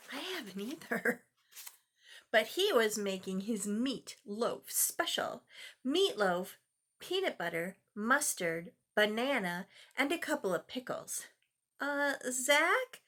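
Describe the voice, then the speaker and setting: An older woman reading a picture book to children, with animated, exclaiming asides to the listener. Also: fairly high pitch, unhurried. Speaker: storyteller grandmother.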